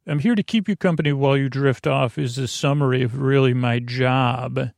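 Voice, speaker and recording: A man hosting a bedtime podcast, talking slowly in a meandering way with lots of filler words and tangents. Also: medium pitch, darkish tone, dry recording. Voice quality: creaky. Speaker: podcast host. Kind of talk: rambling bedtime talk.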